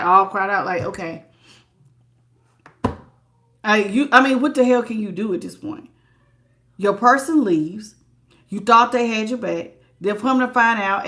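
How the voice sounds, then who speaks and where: A woman's voice: on the high side, a bit bright. A woman giving a live tarot reading, chatty and emphatic, greeting viewers by name and repeating words for stress. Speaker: tarot reader.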